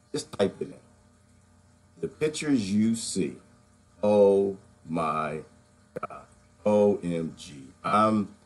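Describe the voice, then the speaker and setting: A man hosting a live online show, talking in a halting, emotional monologue with many restarts, near tears. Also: lowish voice, husky.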